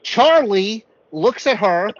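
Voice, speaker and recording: Recapping a TV episode on a podcast he co-hosts, a man speaks slowly in a high voice with the highs clipped. He's an animated storyteller in this casual chat, acting out people's quotes.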